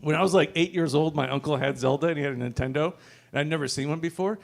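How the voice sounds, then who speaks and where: A man in his thirties, his voice a little high, fast and creaky, hosts an open mic and runs a loose stand-up set. Speaking into a handheld stage mic, he jokes, swears and chuckles between lines.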